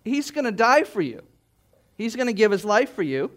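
Man, pastor, sermon, high-pitched, emphatic, rhetorical questions. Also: sing-song, moderate pace, a bit bright.

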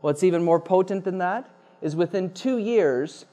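A man's voice: high-pitched, normal speed, warm tone. A man preaching a sermon, emphatic and repeating key phrases for effect. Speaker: pastor.

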